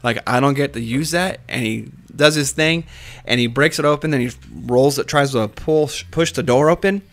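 A man's voice: medium pitch, moderate pace, fairly bright tone. A man, a paramedic co-hosting a podcast, telling work stories in casual chat, swearing often, laughing and acting out what people said. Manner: profane, laughing, acts out quotes.

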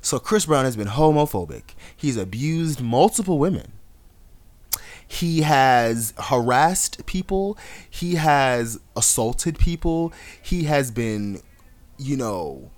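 A young adult man co-hosting a podcast, chatting casually with an animated, sassy storytelling style and frequent laughs. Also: mid-range voice, takes it slowly. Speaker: podcast co-host. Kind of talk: casual chat.

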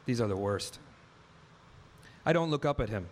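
A man's voice: medium pitch, animated, moderate pace. Man telling a wry live story. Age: 30s. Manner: wry, vivid, acts out his own dialogue. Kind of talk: first-person story told live on stage.

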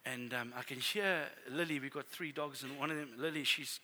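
A middle-aged man preaching a sermon as a pastor, telling family stories in a conversational, animated way. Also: mid-range voice, normal speed.

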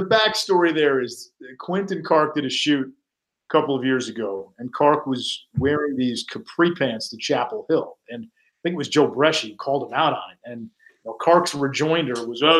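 A man, a sportscaster guest on a podcast, telling casual stories and acting out what his colleagues said. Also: mid-range voice. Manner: animated anecdotes, acting out quoted colleagues.

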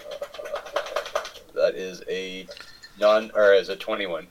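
A man's voice: sits low, steady tone, takes it slowly, background noise. A man playing a tabletop game, asking careful, direct questions. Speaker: player.

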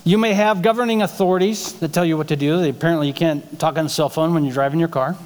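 A male pastor delivers a sermon in a church sanctuary, talking with the room and tossing out rhetorical questions. His voice sits high for a man. A long reverb trails behind his words. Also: quick pace. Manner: conversational preaching with rhetorical questions.

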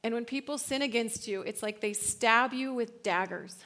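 A woman in her thirties giving a casual, slangy church talk, laughing often and swinging from hushed to loud. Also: on the high side, normal speed. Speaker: speaker at a church gathering.

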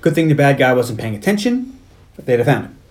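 A man's voice: medium pitch, very animated, a little fast. A man co-hosting a movie podcast, recapping scenes in a casual chat and acting out quoted lines. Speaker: podcast co-host.

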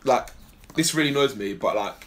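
A man rants his way through a film review on a podcast. He rambles and swears freely as he retells scenes, and his voice sits at an ordinary middle pitch. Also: brisk. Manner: rambling, animated, swears a lot. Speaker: podcast co-host. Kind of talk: casual film review chat.

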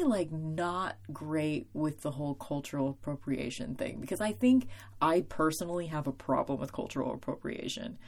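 A young woman talks on her own podcast in a loose, rambling way, poking fun at herself. Her voice sits low for a woman. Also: a little mellow. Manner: rambling, self-deprecating, with frequent laughs and fillers. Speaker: podcast host. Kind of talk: casual solo podcast commentary.

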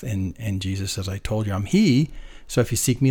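A man in a relaxed Bible discussion, musing aloud, chuckling often and reading scripture passages. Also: mid-range voice, quick pace. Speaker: Bible study co-host.

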